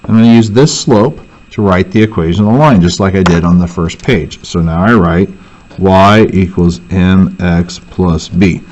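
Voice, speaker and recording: A man's voice: low voice, moderate pace, darkish tone, dull audio, a little hiss or hum. A male teacher walking through a worksheet and thinking aloud, correcting himself as he goes. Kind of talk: worksheet walkthrough lesson.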